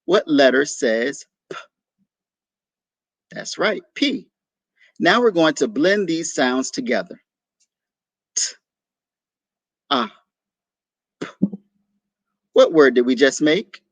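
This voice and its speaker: A man teaching young children a phonics lesson, sounding out letters slowly and patiently and praising their answers. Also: mid-range voice, no echo.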